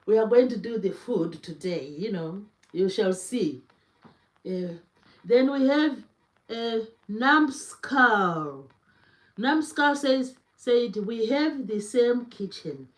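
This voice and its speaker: A woman with a slightly high voice talks slowly and easily to her live chat. She greets viewers one by one. The sound is roomy and echoing. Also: animated. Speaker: cooking livestream host. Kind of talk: casual livestream chat. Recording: echoey room.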